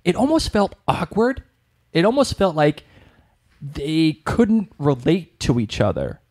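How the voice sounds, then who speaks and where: A man's voice: a little high, wildly swooping pitch, unhurried, darkish tone. Chatty man with a Boston accent. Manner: chatty, rambling, with frequent restarts. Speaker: podcast co-host. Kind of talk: casual chat.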